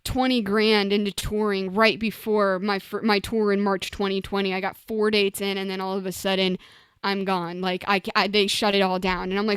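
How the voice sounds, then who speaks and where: A woman's voice: medium pitch, steady tone, moderate pace, fairly bright tone, smooth, no echo. A young woman, a recording artist, tells her story in an interview with emotion, often saying "like" and "you know" and acting out her past words.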